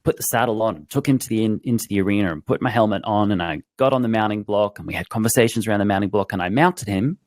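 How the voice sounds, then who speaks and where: A man's voice: lowish voice, quick pace, hardly any pauses, a little mellow, no room sound. A man guest on a podcast, telling stories in a reflective, conversational way and acting out his horse's thoughts. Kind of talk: conversational storytelling.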